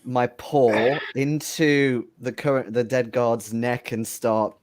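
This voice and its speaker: A man's voice: medium pitch, steady tone, takes it slowly. A man playing a tabletop game, dry and playful. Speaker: player. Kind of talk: casual tabletop game chat.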